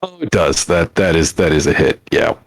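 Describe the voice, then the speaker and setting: A man playing a tabletop game as a player, eager and animated. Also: low-pitched, moderate pace, husky.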